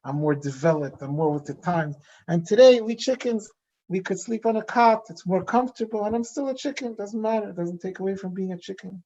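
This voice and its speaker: A man's voice: high-pitched, a little fast, warm tone, dull audio. A man playing a self-assured psychiatrist who insists he is a modern chicken, explaining in a smug, insistent way.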